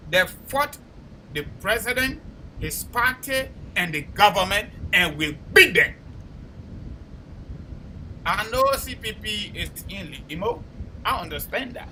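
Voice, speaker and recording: A man with a Liberian accent hosting a call-in talk show, speaking forcefully and combatively, often repeating words as he presses his point. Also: sits high, a little hiss or hum, poor audio.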